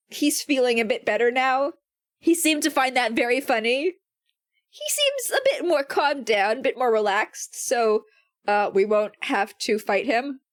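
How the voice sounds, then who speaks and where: A woman's voice: on the high side, no echo. A woman streamer giving wry, chatty commentary on a game and reading item text aloud.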